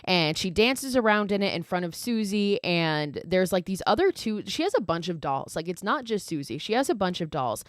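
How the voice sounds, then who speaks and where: A woman's voice: lowish voice, dry recording, clean studio sound. A woman hosting a podcast, casually recapping a horror film with lots of filler words and swearing. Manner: chatty, swears freely, many "like" fillers; animated quoting of characters. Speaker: podcast host.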